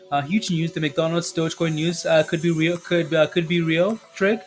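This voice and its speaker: A man's voice: on the high side, fairly even intonation, a little slow, soft background music. A man hosting a live stock market stream, greeting viewers by name in casual chat and often ending points with "right?". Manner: chatty, repeats himself, ends points with "right?". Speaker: livestream stock market host.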